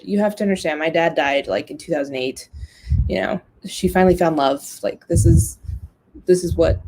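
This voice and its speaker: A woman's voice: medium pitch, slight background noise. A young adult woman hosting a podcast, telling a personal story in a candid, emotional way and swearing freely. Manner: candid and profane, emotional, animated quoting. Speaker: podcast host. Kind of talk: casual storytelling monologue.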